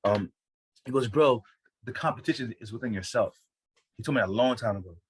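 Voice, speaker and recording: A man's voice: mid-range voice, husky. An American man, a stand-up comedian, telling a story in casual chat, profane and full of restarts. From United States. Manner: fast, profane, animated storytelling with many restarts.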